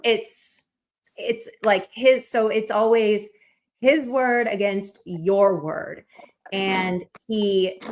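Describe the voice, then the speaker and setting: A woman's voice: mid-range voice, steady tone, extremely slow. A woman chatting casually on a livestream, rambling with lots of fillers and bursts of laughter.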